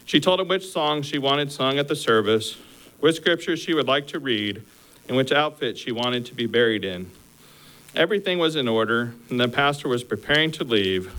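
A man preaching a sermon in an earnest, exhorting manner. His pitch sits in a middle range as he urges listeners through numbered points. He then moves into a steady, unhurried story. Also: poor audio.

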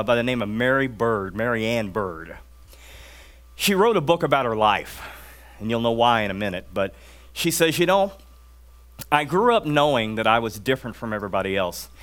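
A man preaching a sermon and telling stories, swinging from raised emphatic lines to hushed, drawn-out ones. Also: mid-range voice. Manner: storytelling, drawn-out words for emphasis.

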